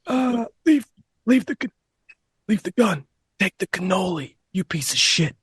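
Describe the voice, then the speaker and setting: A gruff Italian-American mobster with a husky, strained voice, put on by a man on a podcast. He chain-smokes, and his put-on Italian accent swings in pitch and sounds dry and close to the mic. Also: expressive, measured pace, dry recording, heavily acted.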